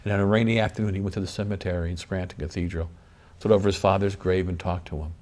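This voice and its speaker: A man's voice: low-pitched, steady tone, quick pace, darkish tone. A man, a priest and guest, speaking earnestly in a preacherly way with lots of repetition. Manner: earnest, preacherly, builds emphasis through repetition. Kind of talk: interview talk about forgiveness.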